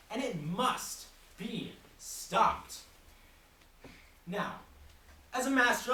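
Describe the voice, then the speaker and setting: A performer playing a greedy, self-important martial arts master in a comedy sketch, speaking in a mock-solemn, pompous way. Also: female voice, medium pitch, a bit bright. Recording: echoey room from far off, background noise.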